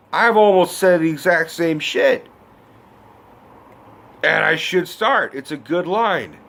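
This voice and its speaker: Profane, animated young man ranting. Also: a little high, takes it slowly, gravelly, pauses often. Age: 20s. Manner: animated, swearing, bursts of shouting. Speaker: vlogger. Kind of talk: profane movie rant.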